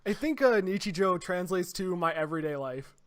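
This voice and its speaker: A young man co-hosting a casual anime review podcast, rambling and excitable, often trailing off mid-thought. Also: sits high, fairly quick. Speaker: podcast co-host. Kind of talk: casual chat. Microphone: desk microphone.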